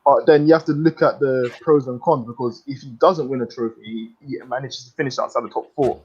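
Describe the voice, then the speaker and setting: A man's voice: medium pitch, fairly quick, slightly rough, muffled recording. A man insisting on his point in a football fan discussion, heard over an online call. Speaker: fan panelist.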